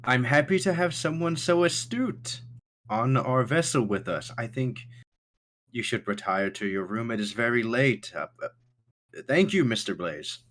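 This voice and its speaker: A man's voice: mid-range voice, animated, a little slow, a bit bright, pitched above the performer's own voice. A man voicing a fussy, evasive ship's officer who stammers and talks politely with sly asides.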